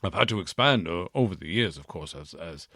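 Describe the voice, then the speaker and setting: A man's voice: low-pitched, expressive, brisk, a bit bright, no echo, studio quality, exaggerated voice. A man voicing a bumbling, self-important old Santa Claus whose accent keeps shifting between Midlands and posh English, rambling and evasive. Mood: pompous rambling. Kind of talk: comedy podcast sketch.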